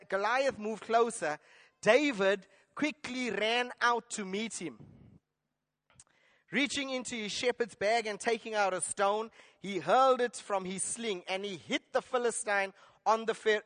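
A man preaching a sermon, retelling a Bible story with lively acted-out lines and questions to the congregation. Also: sits high, normal speed. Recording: long hall reverb.

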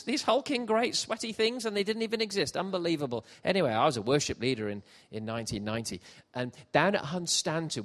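A middle-aged man preaching a sermon, jokey and animated, shifting from quiet asides to loud shouts. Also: mid-range voice. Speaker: pastor. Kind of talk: sermon with comic storytelling. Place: church hall with congregation.

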